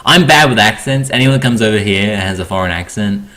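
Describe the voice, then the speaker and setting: A man's voice: on the low side, quick pace, crowd noise. A man hosting a casual podcast chat, laughing often and stammering as he restarts sentences. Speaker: podcast host.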